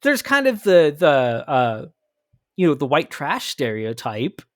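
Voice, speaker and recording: A man's voice: fairly high pitch, a little slow, no room sound. Man, Pacific Northwest, podcast host, commentary, emphatic, restarts a lot, dry close sound. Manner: animated and emphatic, with frequent restarts. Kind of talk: commentary on a played clip.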